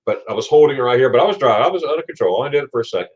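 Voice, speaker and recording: A man's voice: medium pitch, expressive, rapid-fire, darkish tone, highs cut off. A man hosting a casual livestream, chatting loosely, laughing often and reading viewer comments aloud. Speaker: livestream host.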